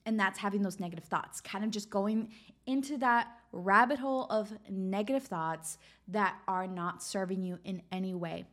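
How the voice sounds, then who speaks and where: A woman's voice: mid-range voice, a bit bright. A woman hosting a casual self-help podcast, talking in an encouraging way and often checking in with "right?". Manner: encouraging, peppered with "right?" tag questions. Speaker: podcast host.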